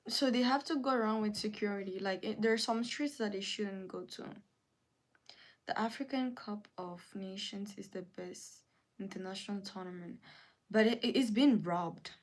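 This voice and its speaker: Woman ranting indignantly on a livestream. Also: moderate pace. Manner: indignant, repetitive ranting with sudden rises in pitch. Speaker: livestream host. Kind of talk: casual livestream chat, reading comments aloud.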